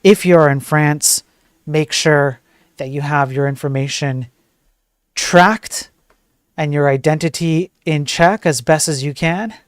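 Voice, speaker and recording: A man's voice: fairly high pitch, a little slow, clear, resonant tone, dry recording, studio quality. A man hosting a casual tech news stream, ranting bluntly and joking as he reads the stories. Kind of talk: casual live-stream commentary.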